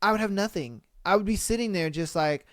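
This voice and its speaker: A man's voice: high-pitched, brisk, fairly bright tone, no room sound, clean studio sound. A man hosting a podcast who reads dating stories aloud and reacts with slangy, exclamatory rants, calling his listeners bro. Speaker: podcast host. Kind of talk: casual reaction commentary.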